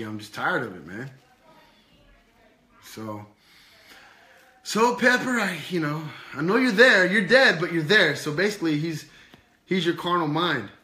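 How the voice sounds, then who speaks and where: A man's voice: on the high side, sharp tone, roomy sound. A man preaching an informal sermon with a puppet, firing off repeated rhetorical questions in casual slang. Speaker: preacher and teacher.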